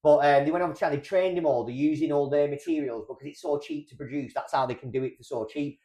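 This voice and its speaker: A young man co-hosting a casual podcast, rattling through rambling, jokey stories at a fast clip. His voice sits a little high for a man. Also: steady tone, mellow. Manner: rambling, jokey, quick-talking. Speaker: podcast co-host. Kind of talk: casual banter.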